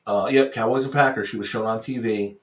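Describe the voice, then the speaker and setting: A man's voice: on the low side, fairly even intonation, a little fast. A man co-hosting a casual podcast, mostly answering with brief, agreeable replies and sometimes telling a story. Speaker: podcast co-host.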